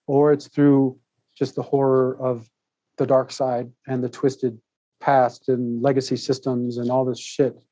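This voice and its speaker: A man guest on a podcast, telling a long personal story in a rambling, animated way, laughing often and restarting his sentences. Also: mid-range voice, a little slow, no room sound. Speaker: podcast guest, author and speaker. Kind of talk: casual interview storytelling.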